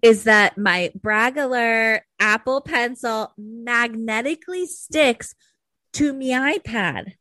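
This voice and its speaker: A young woman co-hosting a podcast in casual, animated chat, swearing freely and jumping high for quoted voices. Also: slow pace, no room sound. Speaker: podcast co-host.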